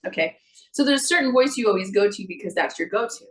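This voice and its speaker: A middle-aged woman guest talks about voice and singing in a relaxed interview. She is lively and expressive and sometimes drops into playful put-on voices to illustrate a point. Her pitch sits in a typical middle range for a woman. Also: fast, poor audio. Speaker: guest, singer and vocal coach. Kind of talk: casual interview chat.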